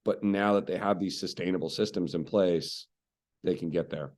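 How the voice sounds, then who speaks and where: A man speaking as a real estate coach on a podcast, telling stories in a conversational, animated way with frequent fillers. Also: sits low, normal speed.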